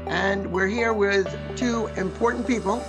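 A man's voice: sits high, over music. A man with a New York accent from Long Island, hosting a podcast in a joking, chatty way. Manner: joking, chatty, drawn-out phrasing. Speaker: podcast host. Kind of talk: casual chat.

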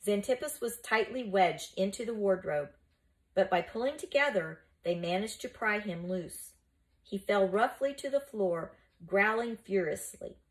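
A woman's voice: medium pitch, expressive, a little slow, low-quality recording. A woman reading a children's novel aloud, telling the story steadily and expressively. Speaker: reader of a children's book.

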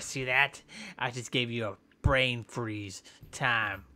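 Goofy trash-talking male gamer, slow. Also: medium pitch, steady tone, pushed and bright. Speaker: gameplay commentator. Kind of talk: casual gameplay commentary.

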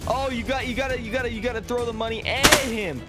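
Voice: medium pitch, fairly even intonation, fast, loud music behind the voice. A co-player giving playful gameplay commentary, joking and teasing with stammered repeats. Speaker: co-player in a gaming video.

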